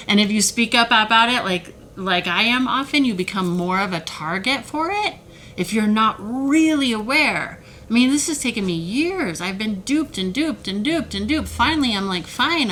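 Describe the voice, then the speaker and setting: Heated, animated woman talking to camera. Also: medium pitch, a little hiss or hum, rough recording. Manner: heated, animated, mocking quoted voices. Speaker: self-help video creator. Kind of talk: emotional direct-to-camera talk.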